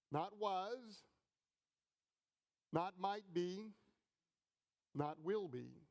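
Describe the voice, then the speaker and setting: Slow, high-voiced middle-aged pastor preaching. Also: male voice, animated. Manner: slow, deliberate storytelling with pauses. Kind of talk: sermon.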